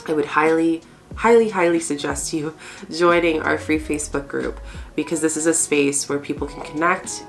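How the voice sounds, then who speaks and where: A woman giving a chatty spiritual card reading, in her morning voice just after waking, laughing often. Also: low voice. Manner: warm, laughing, chatty, mixes fast and slow stretches. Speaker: spiritual channel host, tarot reader.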